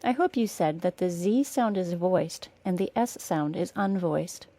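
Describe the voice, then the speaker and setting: A young woman with a General American accent teaches pronunciation, stretching each example sound slowly. Her voice sits low for a woman and has a mellow tone. She is recorded dry, with no room sound. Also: lively intonation, dry recording. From northern Wisconsin, US. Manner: careful, slow model pronunciations. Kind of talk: scripted podcast lesson.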